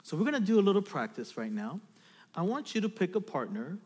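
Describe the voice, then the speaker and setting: Lively high-voiced male pastor, reverberant hall. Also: brisk, breathy edge. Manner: animated preaching with direct audience instructions. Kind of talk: sermon. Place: church sanctuary.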